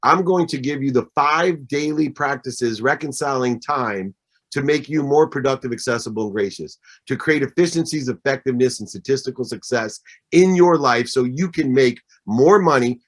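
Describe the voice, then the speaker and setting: This man, in his fifties, gives a motivational talk as a guest speaker. His voice sits at a medium pitch with a fairly bright tone, and he speaks at a moderate pace. He is emphatic and tends to repeat his points in sets of three.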